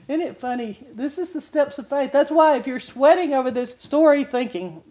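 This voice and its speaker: An older woman giving a sermon-style Bible teaching, telling a personal testimony with animated storytelling and frequent laughter. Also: sits high, a little slow.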